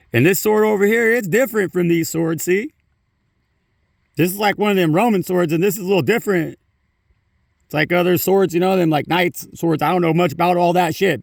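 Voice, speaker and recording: A man's voice: sits high, vocal fry, dry recording, clean studio sound, distant mic. A man giving a casual spiritual talk on his phone, rambling, swearing freely and saying "you know" often. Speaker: spiritual vlogger.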